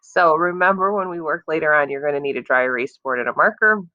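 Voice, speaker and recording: A woman teacher leading a phonics lesson for young children, stretching words out slowly and praising their answers. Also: deep voice, bright, forceful tone, no echo, lo-fi sound. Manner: slow, drawn-out sounding of words, encouraging.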